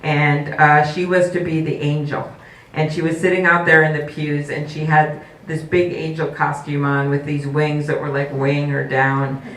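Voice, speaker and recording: A woman's voice: low-pitched, little pitch movement, normal speed, fairly bright tone. Woman giving a speech in an echoey hall. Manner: storytelling, with hesitant fillers. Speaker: political candidate. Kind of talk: campaign speech at a forum. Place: indoor forum hall. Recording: echoey hall from far off, faint noise.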